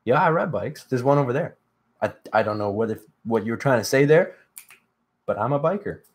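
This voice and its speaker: A sleepy, yawning young man streams live, talking briskly and animatedly at medium pitch. He rambles with heavy fillers, reading the chat aloud and answering it.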